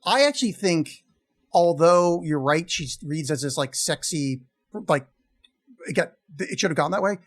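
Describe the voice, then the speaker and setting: Man, podcast co-host, slightly high voice, animated, exasperated, swearing, casual film chat. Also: normal speed.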